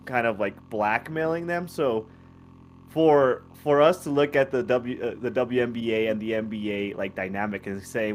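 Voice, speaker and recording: A man co-hosting a sports podcast, arguing his view in a measured, hesitant way. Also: medium pitch, a little hiss or hum. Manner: measured, hesitant, reasoning aloud. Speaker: podcast co-host. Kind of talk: casual sports debate.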